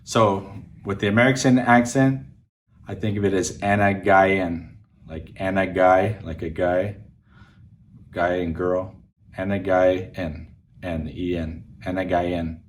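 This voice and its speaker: A man's voice: deep voice, fairly even intonation, normal speed. A man learning phrases from his wife in a casual home lesson, hesitant and joking, repeating words as he goes. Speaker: language learner, host. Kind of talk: casual language lesson chat. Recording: distant mic, faint room noise.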